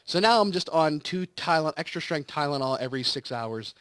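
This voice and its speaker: A man's voice: a little high, lively intonation, brisk, fairly bright tone, dry recording. A man hosting a game video, telling a long, rambling story in casual chat while recovering from surgery. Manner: rambling storytelling with acted quotes. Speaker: let's play host. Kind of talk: casual chat over gameplay.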